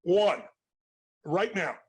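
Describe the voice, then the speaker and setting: Husky high-voiced man, intense. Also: big pitch swings, very slow. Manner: forceful, passionate, emphatic. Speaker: motivational speaker. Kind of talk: intense motivational talk to an interviewer and audience.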